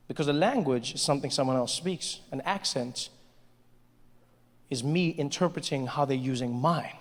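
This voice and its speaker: A man doing a stand-up routine, telling stories with animated delivery and quick accent switches. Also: medium pitch, long reverb tail. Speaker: stand-up comedian.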